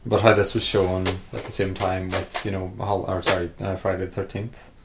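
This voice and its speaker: A man on a podcast, reflecting in a halting way and often restarting his thoughts. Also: deep voice, level tone, heavy background noise. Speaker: podcast co-host. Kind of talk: casual chat.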